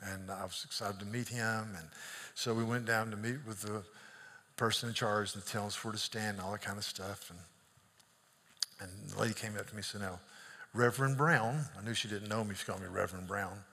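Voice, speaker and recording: A man's voice: on the low side, level tone, fairly quick, husky. A male pastor preaching a sermon, telling stories with emphatic declarations, in a church sanctuary. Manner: emphatic storyteller, rising to loud declarations. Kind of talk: sermon with storytelling. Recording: long hall reverb.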